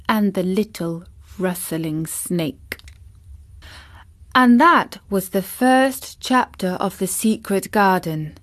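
Brief: woman reading a storybook aloud, unhurried, middle-pitched, gentle.

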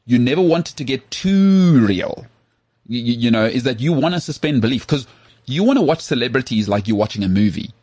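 A man with a South African accent, hosting a casual podcast chat in an animated, rhetorical way and often asking if he is understood. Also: mid-range voice, brisk, no echo. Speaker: podcast host.

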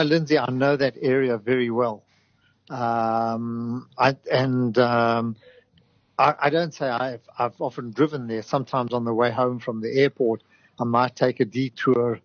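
Measured man, dry sound. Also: mid-range voice, no echo. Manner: measured, hesitant, with many ums. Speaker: guest commentator. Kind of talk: conversational radio interview. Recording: dry, dull lo-fi audio.

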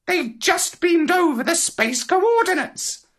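A man voicing a squawking, bossy know-it-all parrot in a storybook tale, lecturing in a shrill tone. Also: sing-song, slow, fairly bright tone, full character voice. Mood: bossy, explaining.

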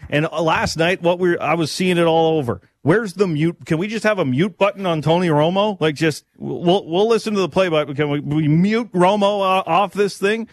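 Casting: male sports radio co-host, casual and chatty, slightly high voice, dry close mic. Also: moderate pace, hardly any pauses, dry recording.

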